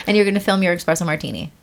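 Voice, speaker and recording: A woman's voice: on the low side, animated, fast, creaky, crowd noise. A woman co-hosting a podcast, chatting casually and animatedly, laughing easily. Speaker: podcast co-host. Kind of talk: casual chat.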